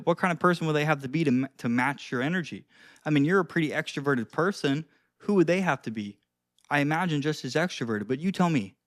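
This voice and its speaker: A man's voice: fairly high pitch, no room sound, studio quality. A young man giving casual advice to his own camera, full of fillers like "dude" and acting out both sides of example chats. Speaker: dating and conversation coach.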